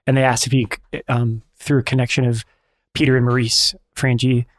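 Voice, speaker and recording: Friar guy telling a story in a chat, earnest, lots of restarts, medium pitch. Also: level tone. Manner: earnest, halting, many restarts. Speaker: priest and friar. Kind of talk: conversational storytelling.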